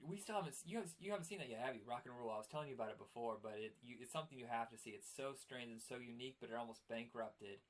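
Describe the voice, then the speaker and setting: A man's voice: medium pitch, racing, few pauses. A man co-hosting a casual chat about old cartoons, rambling with fillers and laughing often. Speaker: podcast co-host.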